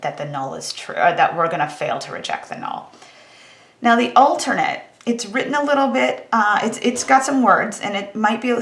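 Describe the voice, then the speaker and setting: Woman stats teacher, conversational recorded lecture, gravelly voice, echoey room. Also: medium pitch, a bit bright. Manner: casual, conversational, wry about tedious calculations. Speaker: statistics teacher.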